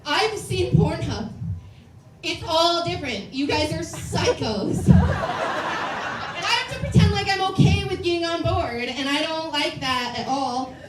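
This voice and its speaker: A woman's voice: extremely high pitch, unhurried. A woman in her late twenties doing a blunt, self-deprecating stand-up comedy set in front of a live audience at a comedy club. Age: late 20s. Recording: distant, roomy, noisy club recording.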